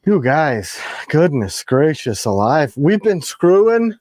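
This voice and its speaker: A man, hosting a casual knife livestream from a room at home, joking and swinging his pitch up and down. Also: very animated, slow pace, few pauses, a little mellow, dry recording, studio quality. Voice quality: gravelly.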